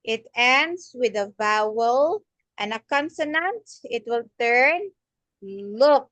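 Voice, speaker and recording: A woman tutoring a young learner in English grammar, speaking slowly and patiently and repeating words for the child to copy. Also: fairly high pitch, expressive, a bit bright, no room sound. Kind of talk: online one-on-one grammar lesson.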